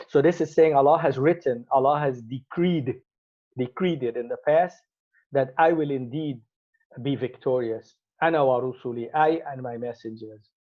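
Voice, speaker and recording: A man's voice: mid-range voice, moderate pace, a little mellow. A man teaching an Arabic grammar lesson, explaining step by step and repeating each Arabic word as he goes. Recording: slightly muffled lo-fi recording.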